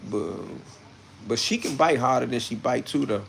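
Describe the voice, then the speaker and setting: A man chatting casually on a livestream and answering viewer comments. He is brash and swears, moving between low muttering and loud outbursts. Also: normal speed, gravelly, slight background noise. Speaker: livestreamer reading chat comments.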